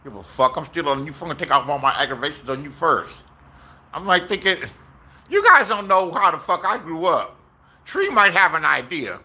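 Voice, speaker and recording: A YouTuber in his sixties from Inglewood, Los Angeles, tells rambling, profane stories in a casual outdoor vlog, acting out the voices he quotes. His fairly high voice is very animated, sharp, and slightly rough, at normal speed.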